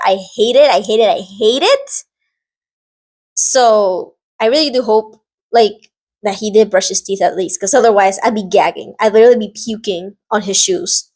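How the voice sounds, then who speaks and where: A woman's voice: medium pitch, a little mellow. A young adult woman casually recapping a show, rambling with lots of fillers and sassy asides. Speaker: vlogger recapping a drama series.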